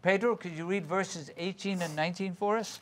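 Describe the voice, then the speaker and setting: A man's voice: high voice, fairly even intonation, a little fast, a bit bright. A male pastor leading an interactive Bible study, calling on readers by name and explaining the verses they read.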